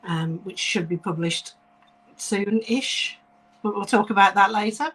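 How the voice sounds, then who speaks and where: A woman from Staffordshire, England, with a West Midlands accent, answers interview questions as an author and guest over a video call. She's friendly and says "um" a lot. Her medium-pitched voice is a little slow, a bit bright and slightly rough, and the audio is poor.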